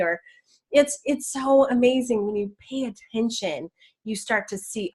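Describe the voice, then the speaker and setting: A woman's voice: a little high, a little slow, breathy edge. A woman teaching law of attraction in a casual, enthusiastic talk, chatty with many restarts.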